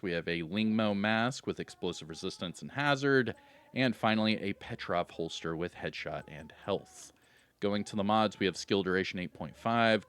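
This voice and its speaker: A man's voice: lowish voice, fairly bright tone, clean tone. A man hosting a gaming video, casually running through in-game vendor items and getting hyped about good loot.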